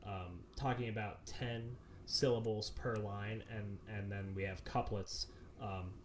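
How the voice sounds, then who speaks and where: A man's voice: fairly low pitch, steady tone, measured pace, a little hiss or hum. A man directing a community theater show, answering questions at length with many fillers and restarts over a video call. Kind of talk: explanatory Q&A answers.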